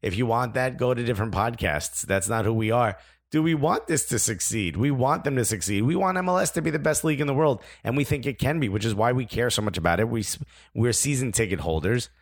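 A man's voice: mid-range voice, expressive, quick pace, no echo, clean studio sound. A man co-hosting a podcast in casual chat, earnest and emphatic, with some self-deprecating humor. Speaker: podcast co-host.

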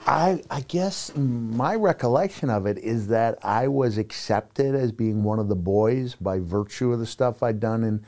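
A man's voice: medium pitch, a little slow, hardly any pauses, warm tone. A middle-aged man and former wrestler telling stories in a rambling, self-deprecating way, full of "you know" fillers. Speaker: podcast guest, retired wrestler. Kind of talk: casual storytelling chat.

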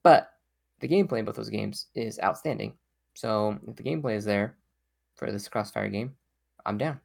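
Gravelly gamer telling a story. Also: male voice, on the low side, normal speed. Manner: animated storytelling. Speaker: podcast co-host. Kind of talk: casual chat.

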